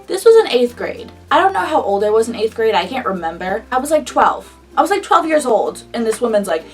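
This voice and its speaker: A woman's voice: a little high, brisk, recorded from a distance, soft background music. Fired-up young woman telling a story. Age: early 20s. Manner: animated, indignant, swears freely. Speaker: vlogger. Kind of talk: casual storytime.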